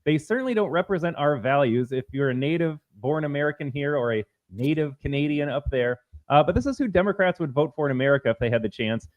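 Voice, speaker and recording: A man's voice: a little high, animated, quick pace, few pauses, narrow, tinny audio. A man co-hosting a political talk stream, blunt and opinionated, ranting at length to his audience. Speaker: podcast co-host. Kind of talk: political talk show banter.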